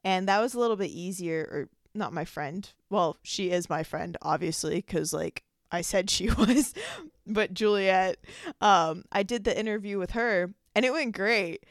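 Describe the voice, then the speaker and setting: A woman's voice: mid-range voice, a little slow, no room sound, clean studio sound. A young woman hosting her own podcast, talking casually and rambling, with lots of "like" fillers. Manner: chatty, rambling, many fillers like "like". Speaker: podcast host. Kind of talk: casual solo podcast monologue.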